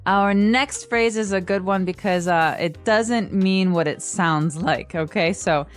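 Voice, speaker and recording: A woman co-hosting an English lesson podcast, explaining everyday phrases with examples and acting out sample lines with lively inflection. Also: mid-range voice, a little slow, soft background music. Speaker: co-host and English teacher.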